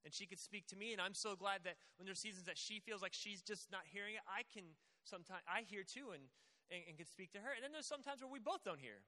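A man's voice: high-pitched, fast, pushed and bright. A young man preaching a casual sermon, speaking conversationally and acting out quoted voices. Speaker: pastor. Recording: long hall reverb.

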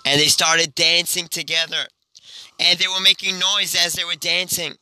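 A rabbi telling an inspirational story in an animated way, with a lot of repetition. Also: male voice, high-pitched, normal speed, dry recording, soft background music, rough recording.

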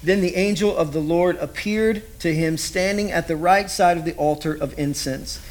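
A man preaching a sermon in a conversational, animated way, full of rhetorical questions. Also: on the high side, normal speed. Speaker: pastor.

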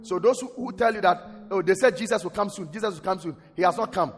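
A man's voice: sits high, fast talker. A man preaching a sermon in church. He quotes scripture and calls on the congregation to respond. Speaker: pastor. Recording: long hall reverb, faint music.

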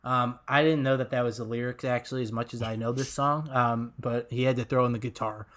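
A man's voice: mid-range voice, steady tone, fairly quick, fairly bright tone. A man co-hosting a podcast, chatting casually about song lyrics with lots of laughter, ums and restarts. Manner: enthusiastic, laughs often, many ums and restarts. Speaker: podcast co-host.

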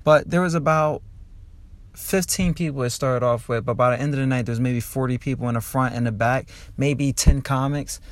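A young man from New Jersey, a stand-up comic and podcast host, ranting loudly in a rambling, profane way from a parked car and laughing at his own jokes. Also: medium pitch, steady tone, moderate pace. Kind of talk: rambling comedic rant.

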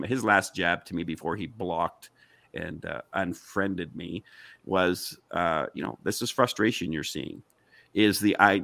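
A man's voice: sits low, creaky, pushed and bright, dry recording. A man in a heated online panel discussion, arguing insistently and firing off rhetorical questions.

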